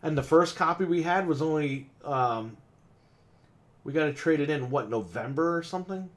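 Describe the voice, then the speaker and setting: On a podcast, a man tells a long, exasperated story about customers at his game store, swearing often and acting out what people said. His voice is a little high and animated, at a moderate pace.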